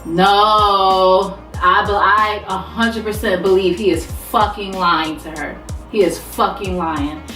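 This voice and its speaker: Woman vlogger, mid pitch, unfiltered and lively; roomy, distant recording, soft music underneath. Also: slow. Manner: profane, animated, talks back to characters. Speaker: TV recap vlogger. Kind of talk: casual recap with quoted voices. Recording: roomy sound, away from mic.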